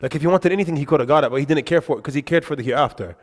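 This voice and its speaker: A man giving a religious lesson in a mosque, telling lively anecdotes with quick asides. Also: a little high. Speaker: religious teacher. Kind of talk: storytelling lesson to a congregation. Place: mosque hall. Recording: reverberant mosque hall.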